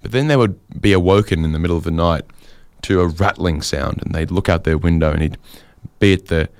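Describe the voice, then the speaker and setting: Wry, chatty man with a low voice. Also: darkish tone, no room sound. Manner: chatty and wry, with frequent fillers and quick asides. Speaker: storyteller. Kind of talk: casual anecdotal storytelling.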